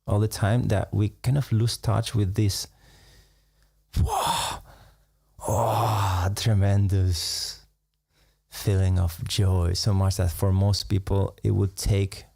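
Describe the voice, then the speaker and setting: Low gravelly man, musing meditation talk. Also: dry recording, clean studio sound. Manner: unhurried, musing, laughs softly between thoughts. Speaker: meditation teacher. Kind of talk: reflective live-stream talk.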